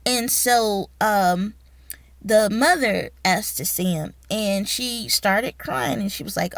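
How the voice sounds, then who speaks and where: A woman's voice: fairly high pitch, measured pace, no echo. A woman teacher telling a personal story, acting out the voices of the people in it. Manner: animated, acts out the voices in her story. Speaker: teacher and educational consultant.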